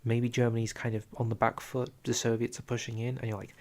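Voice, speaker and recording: A young man giving casual live-stream commentary on a strategy game, chatty and out of breath, answering viewers with quiet asides. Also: mid-range voice, little pitch movement, quick pace. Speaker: streamer reviewing a strategy game dev diary.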